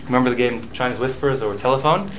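A man's voice: mid-range voice, quick pace, a bit bright, muffled recording, a little hiss or hum. A man leading a casual study class, explaining points patiently, mixing in Hebrew and Aramaic study terms and checking in with listeners. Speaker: Talmud class teacher.

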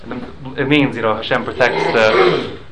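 A Talmud class teacher with an ordinary middle-pitched voice gives a relaxed study-class lecture at a moderate pace. He works through a text conversationally, slipping in Hebrew and Aramaic study terms and checking in with listeners. A loud crowd can be heard, and the audio is poor.

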